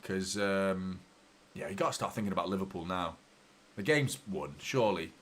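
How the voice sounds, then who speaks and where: A man hosting a live football watchalong, chatting casually and swearing freely, quickly heated and exasperated by mistakes. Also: low-pitched, a bit bright. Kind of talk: live match commentary and chat.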